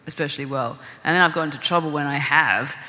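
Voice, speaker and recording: Low-voiced woman novelist, bright and roomy. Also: fast talker. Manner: thinking aloud with restarts, laughs readily. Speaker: novelist on a festival panel. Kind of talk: casual panel discussion. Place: conference hall. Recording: reverberant hall.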